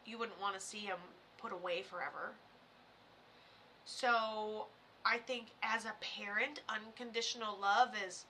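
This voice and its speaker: A woman's voice: medium pitch, fairly even intonation, measured pace, pushed and bright, slight background noise. A woman from Florida, a medium live-streaming in a casual, chatty way, swearing now and then and talking straight to viewers. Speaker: psychic medium livestreamer.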